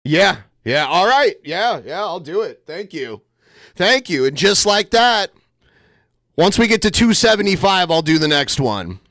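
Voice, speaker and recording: A man's voice: high-pitched, sing-song, measured pace, a bit bright, no echo, studio quality. A man hosting a livestream, cracking jokes at his co-host and thanking viewers. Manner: wisecracking, teasing co-host. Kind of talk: casual livestream chat.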